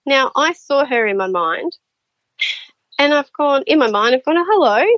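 A woman appearing as a podcast guest and spiritual medium tells stories casually and animatedly, acting out the voices of the people in them. Her voice sits high and unhurried. The audio has no echo but sounds dull.

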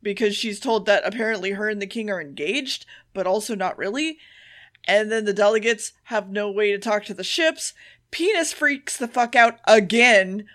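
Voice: medium pitch, a bit bright. Profane, offhand podcast recapper. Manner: profane, offhand retelling with quick quoted voices. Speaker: podcast co-host. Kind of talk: casual episode recap.

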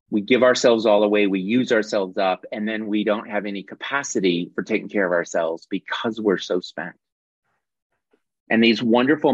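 A man's voice: fairly low pitch, no room sound. Man teaching over a muffled video call. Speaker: workshop leader. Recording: dull dry video-call audio.

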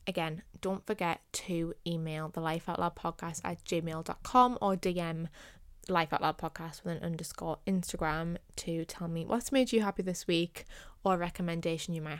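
A woman's voice: lowish voice, moderate pace, clear, resonant tone, dry recording. Earnest woman podcaster, dry sound. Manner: earnest, repeats points for emphasis. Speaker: podcast host. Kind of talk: casual solo podcast talk.

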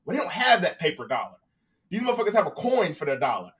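A man telling a casual story on a podcast, profane and animated, acting out both sides of conversations. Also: sits high, fast, far from the mic.

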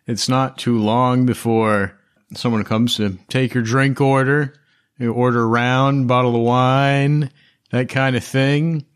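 A man's voice: medium pitch, level tone, slow, clean tone. A man narrating a tabletop game as game master, casual and loose.

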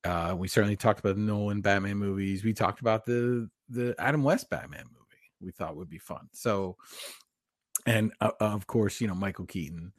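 A man co-hosting a casual podcast chat, talking quickly with fillers and easy laughs. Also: on the low side, dry recording, studio quality. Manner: chatty, talks fast with laughs and fillers. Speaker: podcast co-host.

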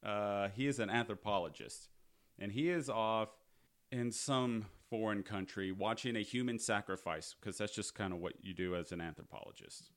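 Podcast host, man, lowish voice, sardonic and profane, casual recap. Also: moderate pace, fairly bright tone.

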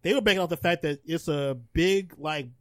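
A man co-hosting a podcast in casual chat, animated and laughing often. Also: a little high, a little fast, dry recording, studio quality. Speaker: podcast co-host.

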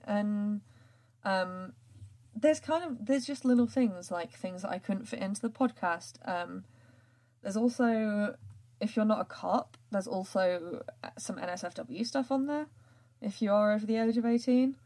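A woman's voice: fairly high pitch, unhurried, warm tone. A woman, hosting a podcast in casual chat, rambling with many fillers and frequent laughs. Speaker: podcast host and writer.

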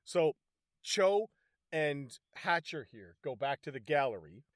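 A man recaps a film in loose, profane banter, slipping into bits of the characters as he goes. His voice sits a little high for a man. The sound is close and dry. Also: takes it slowly, dry recording. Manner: animated, profane, acts out scenes with laughter. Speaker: podcast co-host reviewing a movie. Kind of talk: casual chat.

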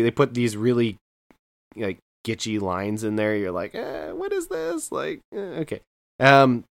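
Smooth-voiced man retelling a movie. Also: on the low side, no room sound, clean studio sound. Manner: enthusiastic, rambling movie retelling with many fillers. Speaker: podcast co-host. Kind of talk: casual podcast chat.

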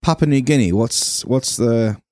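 A man's voice: mid-range voice, a little slow, no room sound, clean studio sound. A man hosting a comedy podcast in casual chat, playful and asking questions. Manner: animated, playful, asks questions.

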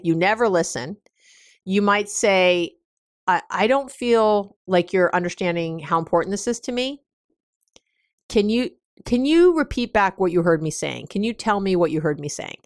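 A woman's voice: lowish voice, no room sound, studio quality. A woman hosting a solo advice podcast, chatty and emphatic, laughing often and repeating her points. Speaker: podcast host.

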